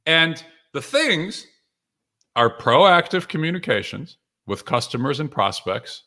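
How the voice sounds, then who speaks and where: An energetic man hosts a live stream and speaks straight to his viewers, greeting them by name. His voice is bright and forward, and his delivery is upbeat, loose and full of fillers and quick restarts. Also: on the high side. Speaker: author and livestream host. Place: home or office with books behind him.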